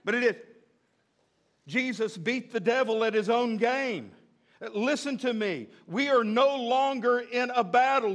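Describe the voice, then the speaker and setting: A preacher delivers an emphatic sermon in a high voice for a man. He stresses and repeats his key phrases. His pace swings from drawn-out lines to quick bursts. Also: a bit bright. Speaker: pastor.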